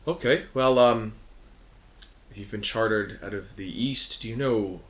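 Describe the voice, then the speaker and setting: A man's voice: lowish voice, a little slow, natural voice. A man voicing a courteous male half-elf soldier inspector in his thirties, fussy and stumbling in his politeness, in a tabletop game. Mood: probing.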